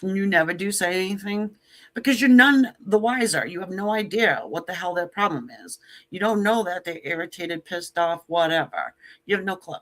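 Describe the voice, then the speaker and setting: A woman's voice: on the low side, animated, moderate pace, fairly bright tone. A woman giving a casual tarot reading to camera, blunt and joking, with sassy asides and casual swearing. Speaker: tarot reader.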